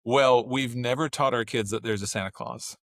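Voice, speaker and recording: A man, a father, talking as a podcast guest, telling family stories with lively, acted-out bits of dialogue. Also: medium pitch, normal speed, no echo. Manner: animated storyteller, acts out family dialogue. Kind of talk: casual chat.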